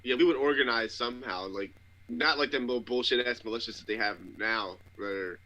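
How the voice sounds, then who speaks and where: A man's voice: mid-range voice, brisk, sharp tone, dull audio. A man on a casual podcast, rambling and complaining in profane, loose talk. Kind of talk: casual chat.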